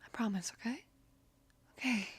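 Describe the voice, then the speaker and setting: A woman of about twenty in a whispered role-play, gently soothing and reassuring as a caring best friend, close to the microphone. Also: fairly high pitch, normal speed, slightly rough, no echo.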